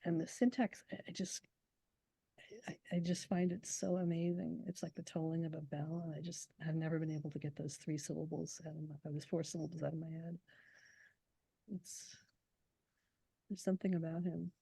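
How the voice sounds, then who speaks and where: A woman poet speaks in a reflective interview, her voice low and gravelly with a mellow warmth. She talks thoughtfully and slows down to savor recited verse. The sound is dry and close. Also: little pitch movement, no echo, poor audio. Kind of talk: conversational interview with poetry recitation.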